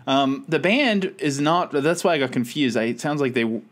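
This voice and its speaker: A man's voice: mid-range voice, animated, moderate pace. A man co-hosts a podcast in a casual chat. His humor is dry and sarcastic, and he often undercuts himself. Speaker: podcast co-host.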